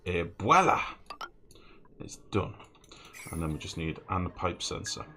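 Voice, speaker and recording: A man's voice: sits low, level tone, moderate pace, background noise. A man chatting casually and swearing freely while he streams a game and answers chat. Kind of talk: casual gameplay commentary.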